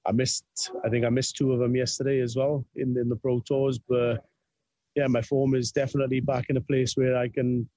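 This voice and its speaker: A man's voice: mid-range voice, dark tone, no room sound, poor audio. A man, a professional darts player, answering interview questions over a video call in a confident, matter-of-fact way.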